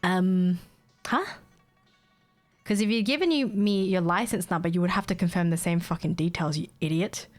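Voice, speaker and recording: A young woman streamer chatting casually and telling a story, blunt and sweary, quick to mimic the people she talks about. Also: lowish voice, a little mellow, soft background music. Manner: mimics callers and herself in quoted bits. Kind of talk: casual chat, venting a story.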